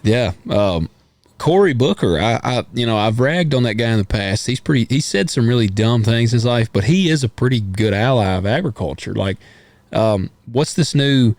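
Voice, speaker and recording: Man, American, co-host, rambling, folksy, mid pitch, dry sound. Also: lively intonation, normal speed, a little mellow, no room sound. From United States. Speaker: podcast co-host. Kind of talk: casual political chat.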